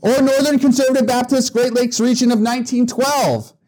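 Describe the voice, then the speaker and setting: Man doing a high, punchy voice for a petty Baptist joke narrator. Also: a little fast, a little mellow. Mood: lively. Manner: rising, emphatic joke-telling delivery.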